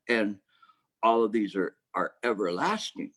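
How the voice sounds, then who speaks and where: A man teaching meditation, giving a Dharma talk in a reflective, halting way with many restarts. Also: medium pitch, expressive.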